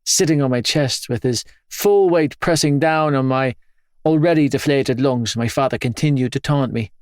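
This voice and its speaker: A man narrating a first-person audiobook in a grave, measured, intense manner. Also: medium pitch, darkish tone, no room sound, clean studio sound.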